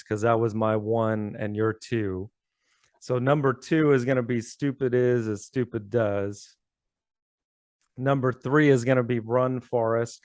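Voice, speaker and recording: A man's voice: mid-range voice, no echo, clean studio sound. A man co-hosting a casual chat, talkative, laughing often and restarting his sentences. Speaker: co-host.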